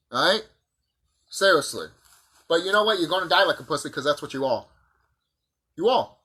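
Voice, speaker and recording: A man delivering a profane, combative monologue full of rhetorical questions, with a husky voice. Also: high-pitched, pushed and bright. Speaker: vlogger. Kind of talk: ranting monologue to camera.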